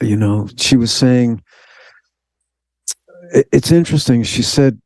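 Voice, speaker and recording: A man in an interview spins out a personal story with lively energy, slipping into the voices of the people he quotes. His voice is dark and mellow, and the sound is close and dry with no room around it. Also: mid-range voice, measured pace, no room sound. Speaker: guest.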